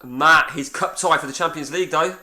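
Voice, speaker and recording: English bloke in his 40s, bright edgy voice, a bit high, rambling and swearing while he plays a game. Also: brisk. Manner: animated, swearing, rambling storyteller. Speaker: gaming channel host. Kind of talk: casual chat over a game session.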